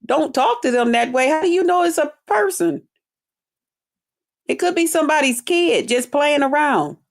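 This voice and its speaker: A woman's voice: high-pitched, animated, moderate pace. A woman hosting a livestream, bluntly ranting to her chat with heavy profanity and mocking drawled quotes. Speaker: livestream host. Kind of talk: profane commentary rant to chat.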